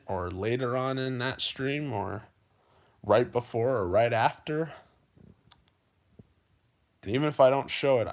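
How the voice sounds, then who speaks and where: A man livestreaming to his viewers, talking earnestly and emotionally, repeating himself and often calling them "you guys". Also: mid-range voice. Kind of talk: heartfelt livestream monologue.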